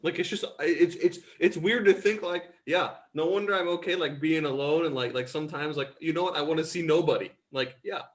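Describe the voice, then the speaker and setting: A young man, a grown son, talking casually with his family in a halting, rambling way. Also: a little high. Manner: rambling, halting, lots of fillers.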